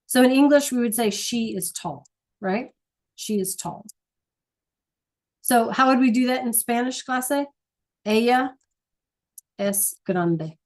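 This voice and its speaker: Woman teacher explaining grammar, unhurried, keeps asking right? okay?. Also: fairly high pitch, darkish tone. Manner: patient, checks in often with "right?" and "okay?"; repeats key points slowly. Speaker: Spanish teacher. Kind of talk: classroom lesson.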